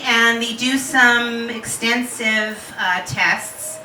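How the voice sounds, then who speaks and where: A woman's voice: a little high, slow, hardly any pauses, a crowd in the background. Woman in her forties, candid live storyteller, laughing and cursing, distant mic, noisy echoey hall. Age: 40s. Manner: candid, animated, laughing, swearing freely. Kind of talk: personal story told to a live audience.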